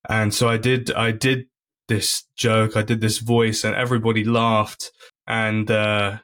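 A man's voice: lowish voice, flat delivery, measured pace, fairly bright tone. A man, a comedian guest on a podcast, talking earnestly in a casual chat, with many restarts and frequent "you know"s. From United Kingdom.

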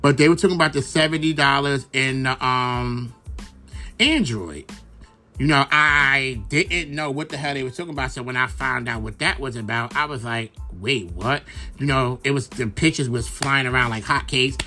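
A man's voice: mid-range voice, moderate pace, pushed and bright, faint music behind. A young man from Brooklyn, hosting a casual, rambling gossip monologue full of fillers and swearing. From Brooklyn, New York. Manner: chatty, profane, rambling with many fillers. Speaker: podcast host.

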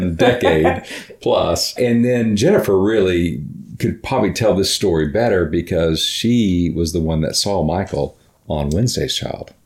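A man telling a family story casually, relaxed, with a few fillers and restarts. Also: sits low.

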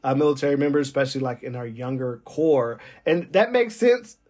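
A man's voice: medium pitch, fairly quick, darkish tone. A man who works as a military weather forecaster, talking in a loose, rambling monologue full of fillers and uneasy laughs. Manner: rambling, digressive, many fillers. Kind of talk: casual monologue.

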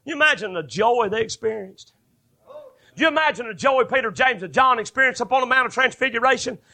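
A man preaching a fervent sermon, building to shouted bursts. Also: extremely high pitch, expressive, fairly quick, creaky.

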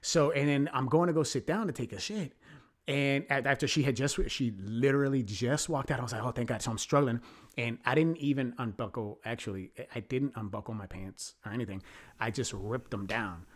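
A man hosting a podcast, telling a crude story in a rambling, animated way. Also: medium pitch, fairly quick. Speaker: podcast host. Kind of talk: casual storytelling.

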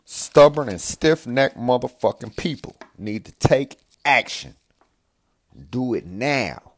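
A man's voice: medium pitch, lively intonation, slow pace. A man hosting a podcast, giving a blunt, profane, rambling monologue. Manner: profane, blunt, repeats himself. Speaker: podcast host.

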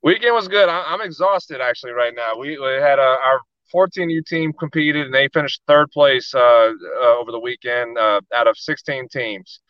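Excitable man with stammering restarts. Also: medium pitch, normal speed, few pauses, dry recording, dull audio. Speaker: co-host, youth softball coach. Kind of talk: casual sports chat.

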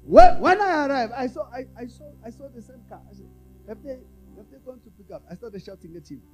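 A man preaching a sermon with a high, lively voice that climbs and falls across a wide range. His tone is mellow rather than sharp. He moves between hushed asides and raised calls to the congregation over faint music. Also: fairly quick, rough recording. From South Africa. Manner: call-and-response preaching, asks the congregation to repeat lines; swings from quiet, low asides to loud, raised exhortation. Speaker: apostle preaching.

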